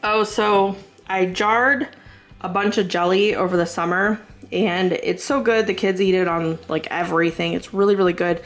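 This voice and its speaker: Southern mom vlogger, chatty and rambly, lots of ums, lower voice. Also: female voice, steady tone, normal speed, soft background music. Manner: chatty and rambling, many fillers and asides. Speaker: vlogger showing a grocery haul. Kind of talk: casual chat.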